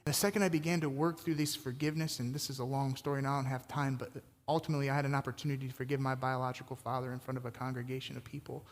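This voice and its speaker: A man preaching a sermon in a conversational, energetic way with casual fillers, speaking to a congregation. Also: medium pitch, racing, few pauses, big-room sound. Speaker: pastor.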